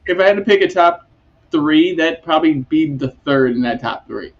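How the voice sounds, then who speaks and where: A man's voice: fairly high pitch, expressive, moderate pace, muffled recording. A man hosting a casual podcast chat, rambling and laughing often. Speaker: podcast host.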